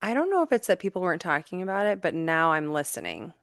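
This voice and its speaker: Low-voiced woman musing in casual chat. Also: very animated, fast, a bit bright, no room sound, clean studio sound. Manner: reflective, rambling with many fillers. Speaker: guest, teacher and mother.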